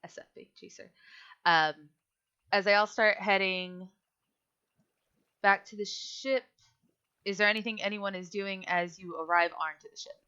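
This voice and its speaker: Casual woman game master, bright voice. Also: medium pitch, fairly even intonation, a little slow, long pauses, clear, resonant tone. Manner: casual with many fillers. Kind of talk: narrating a tabletop game. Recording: dull lo-fi audio.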